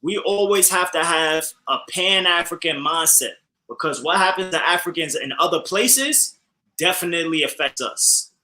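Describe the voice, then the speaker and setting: Bright, animated male co-host speaking casually and addressing the audience as family. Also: a little high, moderate pace, rough recording. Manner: animated, repeats phrases, addresses listeners as family. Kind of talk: casual commentary.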